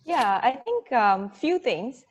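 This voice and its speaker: A woman's voice: fairly high pitch, big pitch swings, slow pace, muffled recording, very noisy. A woman, a healthcare executive, speaking confidently and fluently on a webinar panel over a video call. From Malaysia.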